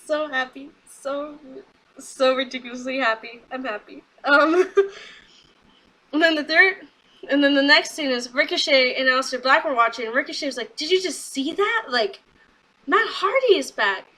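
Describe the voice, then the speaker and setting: Young female reviewer, casual recap, high-pitched and bright, excitable, acts out quotes. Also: low-quality recording. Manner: chatty and excitable, quoting people in quick asides. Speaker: wrestling show reviewer.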